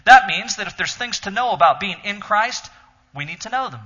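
A bright, slightly husky male voice teaching with steady emphasis, as if at a lectern. His words ring out with a long hall reverb, and the recording sounds a bit dull and muffled. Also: sits high, a little fast. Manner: earnest, emphatic, explains step by step. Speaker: teacher leading a Bible study. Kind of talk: teaching sermon.

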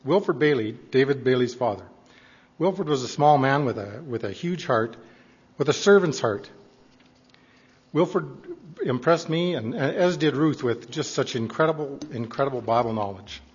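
Older guy, husky, reminiscing to the church folks, earnest, big echoey hall. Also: medium pitch, lively intonation, moderate pace. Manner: earnest, fond storytelling. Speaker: church member addressing congregation. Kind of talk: reminiscing speech to a congregation. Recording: echoey hall, dull lo-fi sound.

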